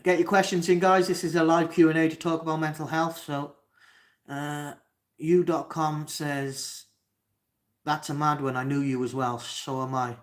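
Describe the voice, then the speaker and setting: A man's voice: fairly high pitch, flat delivery, moderate pace. A young man with a Cardiff accent, from Wales, hosting a live Q&A and reading out chat comments, talking hesitantly with lots of ums and restarts. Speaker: livestream host.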